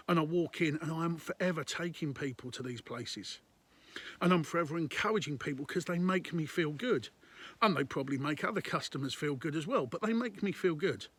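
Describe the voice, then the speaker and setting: A man's voice: a little high, a bit bright. A man, a business consultant, giving conversational and emphatic business advice to camera, repeating his points.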